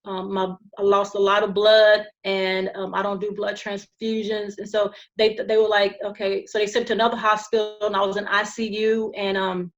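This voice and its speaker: Woman telling her story, halting restarts. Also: medium pitch, little pitch movement, highs cut off. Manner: halting, frequent restarts and fillers. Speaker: podcast guest. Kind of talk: personal storytelling.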